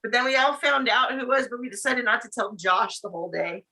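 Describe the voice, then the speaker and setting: A woman's voice: on the high side, quick pace, sharp tone. A woman co-hosting a casual live stream, telling a story animatedly with frequent laughter and swearing. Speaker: co-host.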